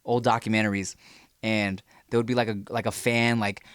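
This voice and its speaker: Dude co-hosting a podcast, loose casual chat, dry close-mic sound. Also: male voice, fairly low pitch, level tone, normal speed, a bit bright, clean tone, no room sound. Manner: storytelling, acts out quoted voices, laughs often. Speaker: podcast co-host.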